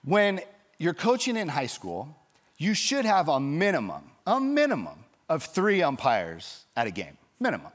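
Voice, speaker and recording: A man pastor preaching a sermon, telling a story in a lively way and acting out the people in it. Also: on the high side, unhurried. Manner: storytelling, animated, acts out quoted voices.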